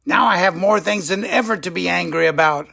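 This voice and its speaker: A man's voice: high voice, fairly quick, gravelly, sharp tone, heavily acted. An older man voicing a hot-tempered, indignant squirrel in a storybook read-aloud. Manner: grumpy, indignant.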